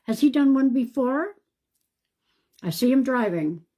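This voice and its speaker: A woman, a psychic medium, doing a live-stream card reading in a calm, reassuring way and thinking aloud. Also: high voice, a little slow. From Canada.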